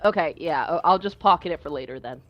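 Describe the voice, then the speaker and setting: A woman's voice: on the low side, fast talker, dull audio. A woman playing a tabletop game, easygoing and matter-of-fact. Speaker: player. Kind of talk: casual tabletop game play.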